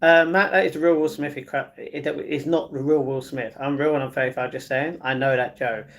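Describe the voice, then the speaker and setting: A man's voice: mid-range voice, fairly even intonation, fairly bright tone. A man hosting a casual livestream, reading viewer comments aloud and answering them in an easygoing way, often stumbling and restarting his sentences. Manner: chatty and easygoing, with halting restarts. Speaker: livestream host.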